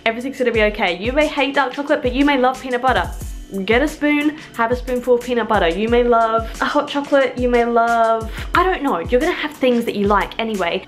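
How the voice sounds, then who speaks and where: A young woman talking frankly to camera at home, rambling and self-mocking as she gives tips. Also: on the high side. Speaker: vlogger and childminder. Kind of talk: candid talk to camera. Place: home, moving between rooms.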